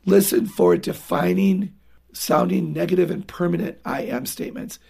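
A woman's voice: lowish voice, flat delivery, normal speed, vocal fry, warm tone, slightly rough. A woman guest on a radio show, talking earnestly and emphatically about raising children, sometimes acting out what a parent and child would say. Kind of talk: radio interview talk.

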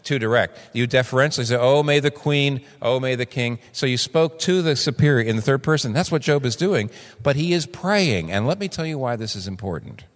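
A man in his sixties preaching with a lively, swinging voice. He acts out quoted voices with big jumps in pitch. His words ring out with the long reverb of a large hall. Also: a little fast, hardly any pauses. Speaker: pastor. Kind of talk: sermon.

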